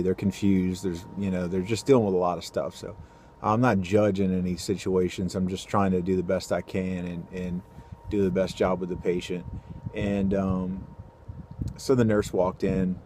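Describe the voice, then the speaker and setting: A man telling a personal faith story to camera, earnest and halting, with many fillers and restarts. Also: sits low, flat delivery, mellow, a little hiss or hum. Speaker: ultrasound technician sharing a faith story. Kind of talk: casual testimony to camera.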